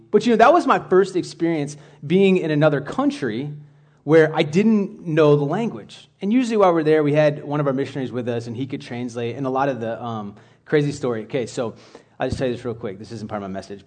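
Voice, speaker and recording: A man's voice: fairly high pitch, a little mellow. Chatty man giving a casual sermon. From United States. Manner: chatty, rambling with asides and restarts. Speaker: church speaker.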